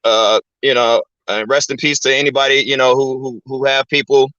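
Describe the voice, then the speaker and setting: A man's voice: medium pitch, little pitch movement, normal speed, bright, forceful tone, dry recording. A man hosting his channel in a casual, rambling, profanity-filled rant, filling his talk with "man" and "you know what I'm saying". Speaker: channel host. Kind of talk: casual ranting monologue. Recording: dull, lo-fi dry recording.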